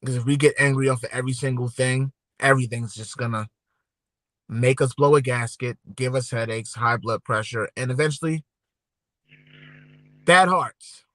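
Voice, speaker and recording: A man's voice: medium pitch, moderate pace, a bit bright, dry recording. A man co-hosting a podcast livestream, talking casually and rambling straight to his viewers. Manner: laid-back, rambling, talks straight to viewers. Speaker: podcast co-host.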